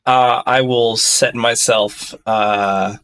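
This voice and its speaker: A man playing a tabletop game, speaking in a relaxed way with lots of hesitation. His voice sits at a middling pitch, and he sounds easygoing while he works out his moves. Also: very slow, clean tone. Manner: easygoing, hesitant with fillers, cheers at rolls. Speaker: player. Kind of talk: casual tabletop play.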